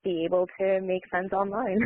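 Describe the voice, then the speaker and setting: A woman in casual chat on a call, relaxed and saying "like" a lot. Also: medium pitch, moderate pace. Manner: relaxed, filler-heavy, says "like" often. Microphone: call audio. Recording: thin phone-like dry call audio.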